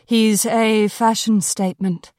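A woman voicing a polite, gently wry woman who lives on a narrowboat. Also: on the high side, steady tone, slow pace, no echo, clean studio sound.

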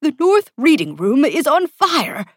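A woman's voice: big pitch swings, measured pace, dry recording, studio quality. A woman voicing an anxious male spider plant assistant, panicky and urgent. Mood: panicked. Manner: panicky, urgent, high-pitched.

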